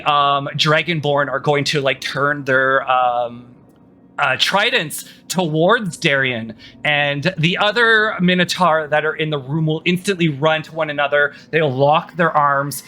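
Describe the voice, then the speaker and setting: Bright-voiced male dungeon master. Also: a little high, measured pace. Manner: casual, with fillers. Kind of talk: narrating a tabletop game.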